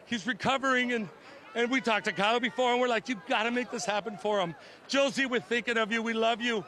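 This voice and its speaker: A racehorse owner interviewed after a win, excited and emotional, gushing over the result. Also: male voice, very high voice, fast talker. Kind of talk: post-race interview. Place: outdoors at a racetrack.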